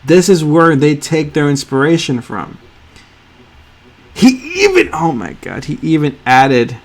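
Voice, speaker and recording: A man hosting a sneaker art channel, reacting to drawings on screen with gushing, theatrical awe that swings from loud to hushed. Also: fairly high pitch, moderate pace, vocal fry.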